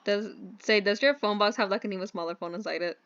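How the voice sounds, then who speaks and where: A deadpan, cheeky talking phone from a dating game, as a woman voices it in a voice pitched lower than her own. Its delivery is casual and dry, and it is heard through a muffled, low-fi mic. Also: fast, clear, resonant tone, natural voice. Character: laid-back crude talking phone, the player character.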